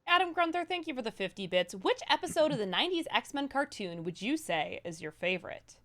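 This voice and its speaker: A woman co-host reading donation messages and viewer questions on a livestream in a brisk, upbeat way. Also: a little high, big pitch swings, a bit bright.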